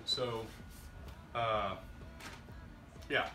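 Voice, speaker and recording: A man's voice: mid-range voice, measured pace, pushed and bright. A man chatting casually through a workshop tutorial, rambling and self-deprecating. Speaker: maker vlogger. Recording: roomy workshop audio, distant mic, music underneath.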